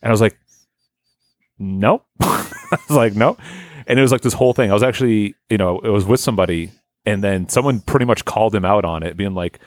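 A man co-hosting a casual chat, telling stories quickly and with laughs. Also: fairly low pitch, dry recording. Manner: fast, animated storytelling with laughs.

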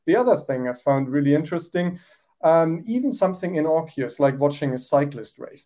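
A man's voice: a little high, mellow. A man co-hosting a political chat show, talking reflectively and rambling with restarts. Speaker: podcast co-host.

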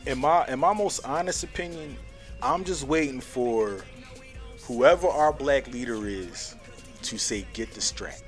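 A man's voice: medium pitch, measured pace, faint music behind. A man co-hosting a podcast in casual chat, earnest and searching, swearing freely. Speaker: podcast co-host.

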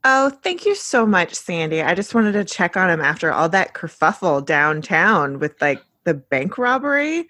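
A sweet, polite teenage girl, played by a woman, gushing a little in a slightly low voice. The sound is dry and close. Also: very animated, moderate pace, few pauses, sharp tone, no room sound, exaggerated voice. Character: sweet teenage girl, police captain's daughter.

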